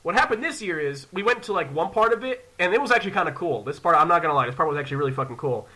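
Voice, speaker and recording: Young male podcast host: high, sharp voice, profane and animated, acts out the people in his stories. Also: very fast. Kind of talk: casual storytelling chat.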